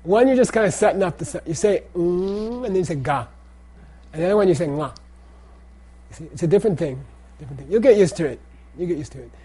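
Middle-aged male teacher, slightly raised husky voice, casual classroom lecture, keeps asking "okay?". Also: sits high, animated, rapid-fire, mellow. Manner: repeats phrases and checks in with "okay?". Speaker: teacher of Tibetan language and Buddhist texts.

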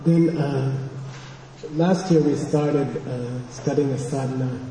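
A man teaching a meditation class to a group, talking in a relaxed, halting way with many fillers. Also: mid-range voice, a little hiss or hum. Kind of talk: guided meditation and dharma talk. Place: large echoey hall with a group. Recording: distant voice in a reverberant hall.

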